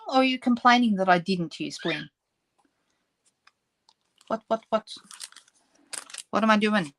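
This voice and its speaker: A woman's voice: fairly high pitch, expressive, unhurried, pauses often, fairly bright tone. An Australian woman hosting a live papercraft demonstration, chatting casually with viewers, answering their comments and laughing often. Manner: laughs often and apologizes playfully.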